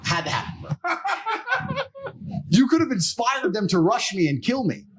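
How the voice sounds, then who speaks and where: A man's voice: very high voice, measured pace, husky. A man telling stories as a podcast interview guest, blunt, profane and boastful, laughing as he goes. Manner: animated, laughs mid-story. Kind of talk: casual storytelling in a podcast interview.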